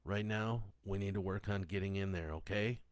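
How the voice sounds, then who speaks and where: A man's voice: low voice, moderate pace, dry recording, clean studio sound, lightly acted. A man doing Len, a frightened protective father. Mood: hushed, soothing. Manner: urgent, protective. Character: frightened father fleeing zombies with daughters.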